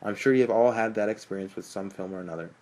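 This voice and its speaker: A man's voice: lowish voice, quick pace, darkish tone, natural voice, poor audio. A man voicing a confident male film professor lecturing a class in an audiobook. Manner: explanatory lecturing, wry. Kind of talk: audiobook narration.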